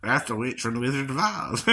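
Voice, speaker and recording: A man's voice: medium pitch, sing-song, pushed and bright, husky. A man chatting casually about doing impressions. He laughs often and ends his lines with "right?". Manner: breaks into quick impressions and silly voices. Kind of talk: casual chat.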